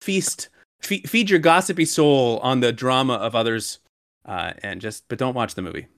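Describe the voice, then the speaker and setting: In a dry, studio-quality recording, a podcast co-host in his thirties shares a story over casual chat, becoming increasingly worked up. His voice is mid-range and his pace is normal.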